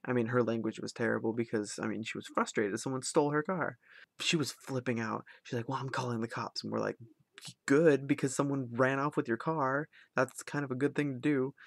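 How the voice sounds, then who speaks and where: A man's voice: medium pitch, vocal fry, no echo, studio quality. A young man telling a long story in a casual vlog, rambling with lots of ums and likes. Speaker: vlogger.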